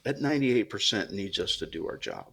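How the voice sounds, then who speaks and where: A man's voice: lowish voice, animated, fairly quick, creaky, fairly bright tone, husky. A man on a podcast as a police officer guest, talking earnestly and reflectively with many restarts. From United States. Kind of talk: casual interview talk.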